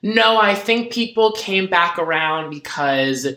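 Chatty man with a bright voice. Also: high voice, lively intonation. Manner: chatty, quick asides with fillers. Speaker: podcast co-host. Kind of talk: casual recap chat. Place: recorded in person in a room. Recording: echoey room, dodgy audio.

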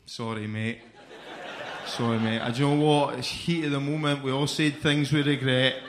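A man's voice: a little high, level tone, brisk. A young Scottish man doing a stand-up comedy set, swearing, mocking himself, and chatting with the crowd. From Scotland. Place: comedy club stage. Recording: echoey club with audience noise.

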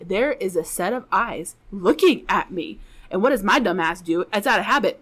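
A woman's voice: mid-range voice, lively intonation, brisk, fairly bright tone, slightly rough. A woman guest on a podcast telling a funny personal story in casual, profane chat, laughing often.

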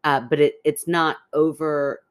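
A woman's voice: deep voice, little pitch movement, unhurried. A woman co-hosting a podcast in casual chat, teasing her co-host with skeptical banter and reading out listener letters.

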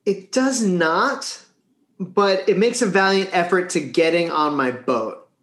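Excited gushy cohost, says really a lot, roomy echo. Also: medium pitch, a little slow. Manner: enthusiastic, gushing, repeats words. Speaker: podcast co-host. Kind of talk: casual chat. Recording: echoey room.

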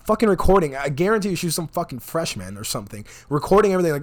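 A man's voice: a little high, very fast. A young man telling a wild night-out story in casual chat. He swears constantly and acts out what everyone said. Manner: profane, animated, acts out quotes.

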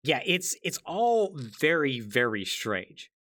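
A man with a medium-pitched, fairly bright voice hosts a podcast, speaking very animatedly but at a slow pace. He chats about gaming history in a loose, conversational way, peppering it with "like" and wry asides.

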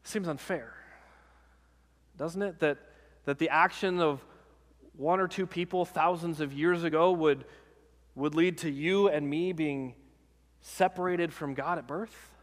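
A man's voice: fairly high pitch, a bit bright, long reverb tail. A man, a pastor, preaching a sermon in a conversational way, often checking in with the congregation.

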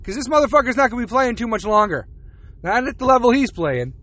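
A man's voice: very high-pitched, expressive, fast, a bit bright. A man hosting a podcast, ranting in a casual, profane monologue and laughing between rants. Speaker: podcast host.

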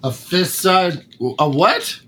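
A man's voice: sits high, expressive, slow pace, fairly bright tone. Playful, laughing man on a podcast. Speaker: podcast co-host, quiz contestant. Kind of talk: casual podcast banter.

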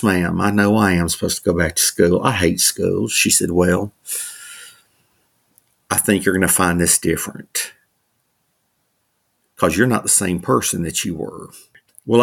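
A man's voice: on the low side, a bit bright. A middle-aged man, a minister, telling his life story in an interview, laughing often and acting out the voices of people he quotes. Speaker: guest, minister and author.

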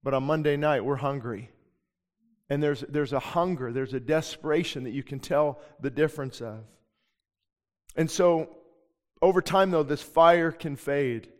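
A man's voice: fairly high pitch, a little slow. A man preaching as a pastor, earnest and emphatic, often restarting his sentences. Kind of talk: sermon. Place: church sanctuary. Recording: long reverb of a church hall.

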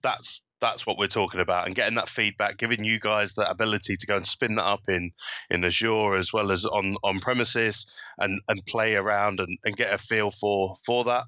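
Bright-voiced man as a podcast guest. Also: fairly low pitch, fairly even intonation, no room sound, muffled recording. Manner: eager, halting with repeated words. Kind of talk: casual podcast chat.

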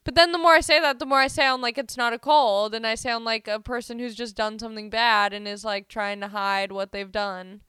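A woman's voice: a little high, steady tone, normal speed, fairly bright tone, clear, resonant tone, dry recording, studio quality. A woman hosting a casual solo podcast, rambling and joking at her own expense while she has a cold. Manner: rambling, self-deprecating, joking. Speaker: podcast host.

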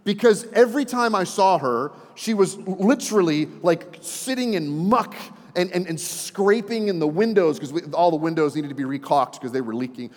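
A man's voice: sits high, moderate pace. A man in his forties, a pastor preaching a sermon, telling stories with chatty asides to the congregation. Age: 40s. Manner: animated storyteller, folksy asides to the congregation. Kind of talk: sermon with storytelling. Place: church sanctuary. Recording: reverberant church hall.

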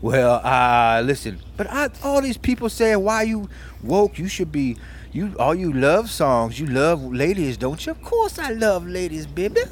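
A podcast co-host with a voice on the high side, very animated and carrying a little hiss or hum, impersonates an older male soul singer for comedy. Smooth and teasing, he sweet-talks and calls everyone baby, ending lines with a long, crooned "baby."

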